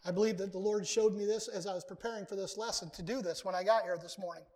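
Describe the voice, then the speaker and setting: A man's voice: high voice, steady tone, fast talker, darkish tone. A male pastor preaching a sermon to his congregation, earnest and emphatic, repeating key words for weight. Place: church sanctuary.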